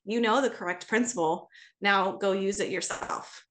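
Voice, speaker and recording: A middle-aged woman, a parenting coach, chatting on a podcast and telling stories with lively acted-out dialogue. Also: mid-range voice, moderate pace, a little hiss or hum. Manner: animated storyteller, acts out dialogue. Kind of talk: casual podcast conversation.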